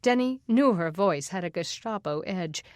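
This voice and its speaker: A woman's voice: expressive, normal speed, no room sound, clean studio sound. A woman reading a suspense novel aloud as audiobook narrator, lifting her voice for the characters' lines. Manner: voices the characters with raised pitch in dialogue.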